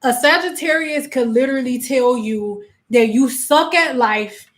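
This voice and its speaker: A woman with a somewhat high voice chats casually on a livestream, talking straight to her viewers and reacting to their comments. She laughs a lot as she talks and slips into quick, animated voices whenever she quotes someone. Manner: laughs often while talking. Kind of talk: casual chat answering live comments.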